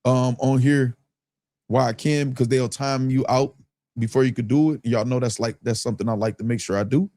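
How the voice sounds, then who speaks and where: A man's voice: mid-range voice, brisk. A man hosting a live stream, reading viewer super chats aloud in loose, slangy casual talk. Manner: loose, slangy, keeps breaking into laughter; reads viewer comments aloud in a relaxed drawl.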